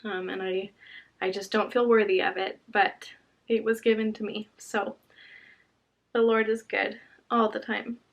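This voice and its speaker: A young woman telling a personal story to her vlog audience at home. She speaks softly and earnestly, halting and restarting as she searches for words. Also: medium pitch, flat delivery, gravelly. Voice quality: soft, earnest and heartfelt. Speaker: vlogger.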